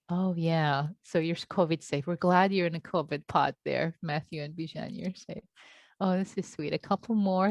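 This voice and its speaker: A woman meditation teacher on a video call, reading out attendees' check-ins and responding with warm, affectionate remarks. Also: on the low side, no room sound, highs cut off.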